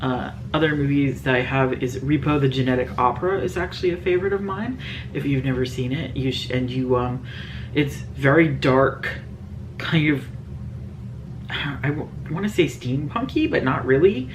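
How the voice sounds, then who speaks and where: A woman's voice: extremely low pitch, expressive, normal speed, background noise. A woman beauty vlogger answering viewer questions in a casual, rambling chat full of fillers.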